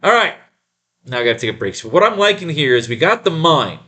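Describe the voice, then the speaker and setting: A man, a comic book writer, reads an old cartoon aloud and riffs on it, talking in a loose, profane, animated way. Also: on the high side, quick pace. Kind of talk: reading a cartoon aloud and riffing.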